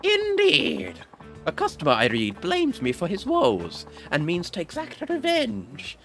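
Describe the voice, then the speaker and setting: A man's voice: huge pitch swings, measured pace, a bit bright, soft background music, exaggerated voice. A man voicing an old fortune teller woman in a crackly hag voice, cryptic and theatrical. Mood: mysterious. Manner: high-pitched and dramatic.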